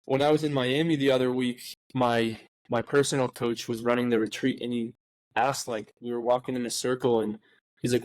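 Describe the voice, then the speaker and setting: A man's voice: mid-range voice, fairly even intonation, moderate pace, no room sound, low-quality recording. Emphatic male podcast host, dry sound. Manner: emphatic, swears often, says "like" a lot. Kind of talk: casual heartfelt conversation.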